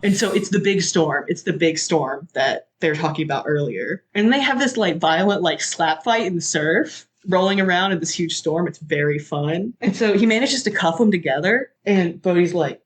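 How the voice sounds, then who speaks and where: A podcast guest excitedly recapping a movie in casual chat, acting out the characters' lines with sudden loud jumps in pitch. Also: brisk, few pauses. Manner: excitable, acts out quotes with big pitch jumps.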